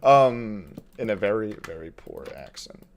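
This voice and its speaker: A man's voice: on the low side, expressive, a little slow. A man streaming a building game from his desk at home, thinking aloud in casual commentary, reading chat and chuckling often.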